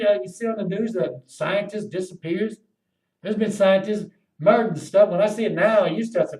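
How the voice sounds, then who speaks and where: A man delivering a rambling, impassioned monologue to camera, cursing freely and swinging between loud outbursts and low muttering. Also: a little fast, roomy sound, poor audio. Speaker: video blogger.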